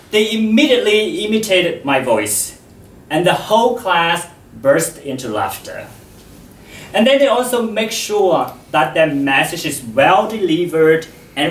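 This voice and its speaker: A man giving a public talk to an audience about voice, speaking in a slow, measured, expressive way. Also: high-pitched. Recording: echoey hall, distant mic.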